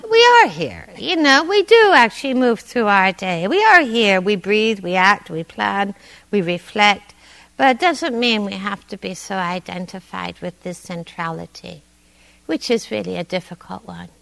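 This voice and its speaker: A woman meditation teacher giving a dharma talk in a meditation hall, conversational and gently humorous. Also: mid-range voice, lively intonation, a little slow, gravelly.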